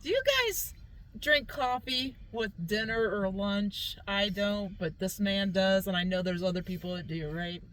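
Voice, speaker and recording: A woman's voice: mid-range voice, a little slow, a bit bright, low-quality recording. A woman hosting a casual food review vlog from inside a car, chatty and upbeat, often talking straight to her viewers. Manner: chatty, upbeat, keeps calling the viewers "guys". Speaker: vlog host.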